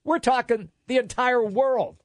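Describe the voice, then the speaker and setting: A man's voice: very high voice, a little slow, no echo. An older man co-hosting a casual talk show, ranting in an exasperated way with many restarts. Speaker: co-host.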